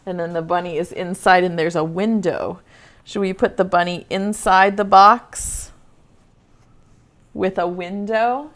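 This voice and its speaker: A woman teaching preschool over a video call, reading a picture book aloud in a gentle, playful way and asking the children questions. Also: on the low side, steady tone, unhurried.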